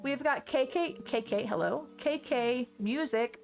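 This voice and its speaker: A woman's voice: sits high, a little slow, gravelly, faint music behind. A woman streaming a game live, chatting in a bubbly way that is full of gasps and exclamations. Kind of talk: casual gaming stream chat.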